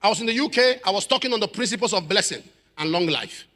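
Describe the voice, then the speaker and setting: A male preacher telling a dramatic story in a sermon, acting out the voices of the people in it and building to shouted prayer. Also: high voice, animated, fast, long reverb tail. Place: church.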